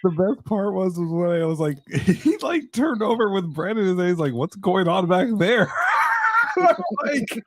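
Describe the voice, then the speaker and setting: A man's voice: high-pitched, huge pitch swings, normal speed. A man co-hosting a podcast in casual chat, laughing his way through stories. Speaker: podcast co-host.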